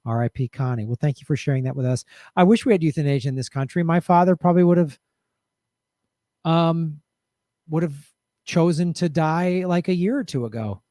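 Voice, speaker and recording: A middle-aged man hosts a loose, rambling live-stream chat, upbeat and full of fillers. His voice is fairly high and he is losing it. The sound is dry and close. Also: a little fast, dark tone, no room sound. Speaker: host.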